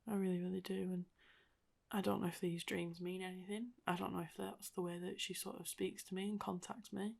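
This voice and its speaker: A woman's voice: fairly low pitch, level tone, a little fast, vocal fry, a little mellow. A young woman hosting a podcast, talking through her thoughts in a rambling, reflective monologue full of "like" and "sort of.". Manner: rambling and reflective, heavy use of "like" and "sort of" fillers. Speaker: podcast host.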